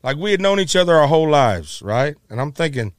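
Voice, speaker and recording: A middle-aged man, a musician, telling a story in a casual, animated way, acting out quotes with many restarts. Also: a little high, a little fast, no room sound, studio quality.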